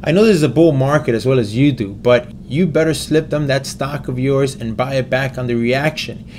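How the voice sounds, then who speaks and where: Pushy impatient tipster dude, a man reading him, fast and exasperated. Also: mid-range voice, a little mellow, slight background noise, lightly acted. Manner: brisk, insistent, exasperated.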